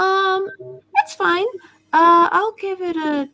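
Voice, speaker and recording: Woman on a comics chat panel, high voice with some fry, hesitant and jokey. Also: takes it slowly, sharp tone.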